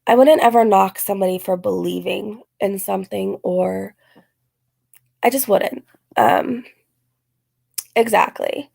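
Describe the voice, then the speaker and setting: A woman's voice: mid-range voice, unhurried, vocal fry, long pauses, a little mellow. A young woman hosting a casual live question-and-answer stream, rambling with many fillers as she reads and answers chat comments. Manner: rambling, filler-heavy talk with frequent "like". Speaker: channel host answering viewer questions.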